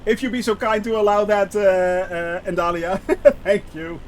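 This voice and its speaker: A man's voice: high-pitched, fairly even intonation, unhurried, slight background noise. A man streaming a flight simulator and chatting with viewers in a rambling, giggly way, often breaking off to laugh. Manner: rambling, giggly, talks to chat. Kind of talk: live-stream chat with viewers.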